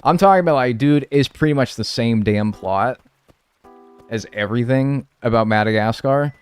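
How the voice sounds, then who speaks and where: A man's voice: mid-range voice, normal speed, clean tone, faint music behind. A young man chatting casually and rambling on a live gameplay stream, swearing freely as he talks. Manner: animated, chatty, swears a lot.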